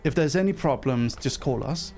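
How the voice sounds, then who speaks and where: A man voicing a polite male flight steward who speaks low and quietly. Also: expressive, normal speed, gravelly, slightly rough, faint music behind.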